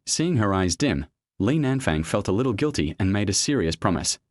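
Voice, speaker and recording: A male narrator reads a web novel aloud with steady storytelling. His voice sits low but swings widely in pitch. The recording is dry and close, with no room sound. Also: moderate pace, dry recording.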